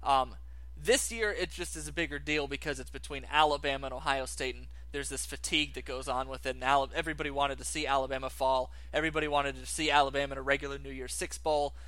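A man's voice: medium pitch, fairly even intonation, quick pace, sharp tone, no echo. A man co-hosting a casual sports talk show, arguing his points step by step. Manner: argumentative, lays out cases step by step.

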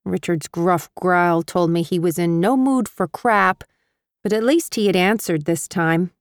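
A woman narrating an audiobook in the first person with wry, measured storytelling. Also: lowish voice, dry recording, clean studio sound.

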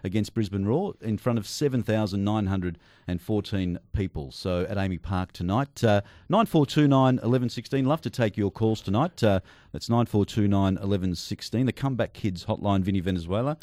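A man's voice: on the low side, fairly quick, a little mellow, dry recording. A man with an Australian accent hosting a late-night sports radio show, chatting, taking calls and reading sponsor plugs into a studio microphone.

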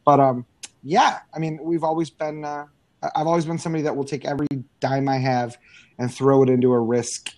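A middle-aged man talking casually as an interview guest, telling energetic stories with frequent fillers and restarts. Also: on the high side, a little fast, no echo. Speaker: guest, business owner.

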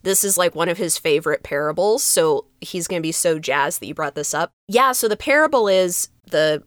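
Woman pastor chatting on a podcast, smooth clear voice, dry close mic, animated. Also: lowish voice, moderate pace, dry recording. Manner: animated, laughs easily, acts out quotes. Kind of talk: casual chat.

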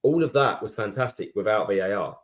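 A man with a low voice, laying out his view in a steady, reasoned way. The talk is casual, as on a podcast among friends. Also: a little fast. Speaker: podcast co-host. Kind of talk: casual chat.

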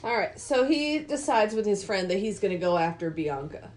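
Casual podcast woman, middle pitch, slight background noise, recapping a movie. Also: sing-song, normal speed, a little mellow. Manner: laughs often while summarizing the plot. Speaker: podcast co-host recapping the film. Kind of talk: casual chat.

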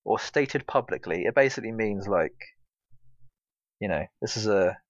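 A man's voice: on the low side, expressive, moderate pace, no room sound, dull audio. A British man co-hosting a casual gaming podcast, rambling with lots of fillers. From Britain. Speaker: podcast co-host. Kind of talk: casual chat.

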